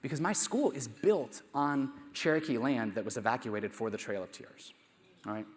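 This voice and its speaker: A man's voice: mid-range voice, normal speed. Man telling stories in an echoey hall. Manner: conversational, rhetorical questions, self-deprecating asides. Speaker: math teacher giving a conference plenary talk. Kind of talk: storytelling conference talk. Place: conference hall.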